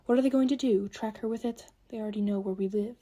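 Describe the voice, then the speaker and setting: A woman voicing a gentle, grieving elf mother who speaks quietly. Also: mid-range voice, fast talker, lightly acted.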